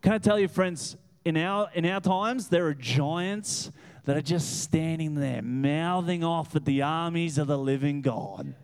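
A man preaching a lively, animated sermon in church as guest pastor. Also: fairly high pitch, unhurried, smooth. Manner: animated, laughing, acts out voices. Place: church hall with congregation.

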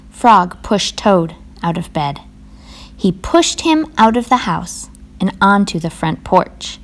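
A woman reading a children's story aloud for young listeners, at an unhurried, very slow pace. Her pitch sits in a plain middle range, and she reads gently and clearly.

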